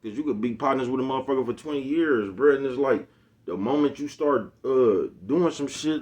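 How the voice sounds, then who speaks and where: Man in his forties, YouTube host, rambling motivational monologue, streetwise slang, middle-pitched voice. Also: expressive, normal speed, a little mellow, muffled recording. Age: 40s.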